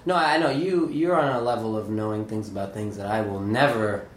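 A man as a podcast guest, talking in a halting, earnest way with frequent restarts. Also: lowish voice, roomy sound, a little hiss or hum, rough recording. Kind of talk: casual interview chat.

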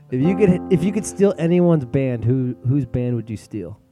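A man's voice: mid-range voice, animated, unhurried, music in the background. A male guest chatting casually and teasing, laughing often. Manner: laid-back, laughing, teasing. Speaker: guest musician. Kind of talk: casual comedic chat.

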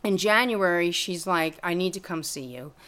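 A middle-aged woman telling her story in an interview, blunt and profane, with lively retellings of conversations. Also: on the low side, moderate pace. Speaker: guest, music lawyer and teacher. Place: room with a live audience.

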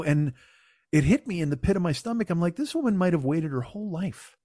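Profane, animated man telling stories. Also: fairly high pitch, fast talker, no echo, clean studio sound. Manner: profane, animated storyteller who mimics people. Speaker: podcast co-host. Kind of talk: casual chat, storytelling.

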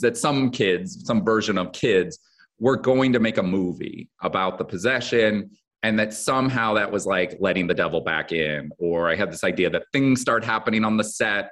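A man's voice: deep voice, fairly bright tone. A man who writes a daytime drama, talking casually in an interview and rambling with lots of fillers and restarts. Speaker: soap opera head writer.

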